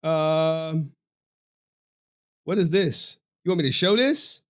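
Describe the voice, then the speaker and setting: A man streaming reaction commentary in an animated, profane way, often breaking into laughter. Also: fairly high pitch, slow, clean tone.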